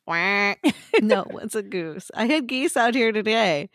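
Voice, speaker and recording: A woman's voice: a little high, animated, normal speed, dry recording, clean studio sound. A middle-aged woman co-hosting a podcast in casual chat, telling stories with lots of "like" and restarts. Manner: chatty storyteller, frequent "like" and restarts. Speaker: podcast co-host.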